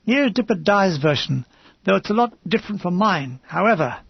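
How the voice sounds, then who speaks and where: A man reading a war memoir aloud in an understated, measured first-person manner. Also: high-pitched, expressive, vocal fry, slightly rough, dry recording, muffled recording. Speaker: audiobook reader. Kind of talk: audiobook memoir narration.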